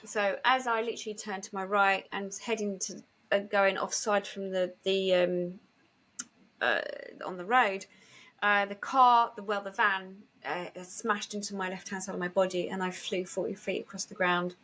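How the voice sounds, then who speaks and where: A woman's voice: mid-range voice, steady tone, moderate pace, a bit bright. A woman, a guest on an interview podcast, telling a personal story vividly, acting out remembered dialogue with many fillers and restarts.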